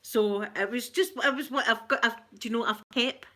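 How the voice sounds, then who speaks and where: A middle-aged Scottish woman hosting a casual livestream chat, excitedly gushing and greeting viewers by name. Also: on the high side, normal speed. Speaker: ASMR livestream host.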